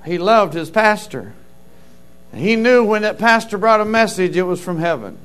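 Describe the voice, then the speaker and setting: High-voiced fervent preaching man. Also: expressive, moderate pace, a bit bright, clear, resonant tone. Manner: fervent, storytelling preacher with interjections of praise. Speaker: pastor. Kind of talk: sermon.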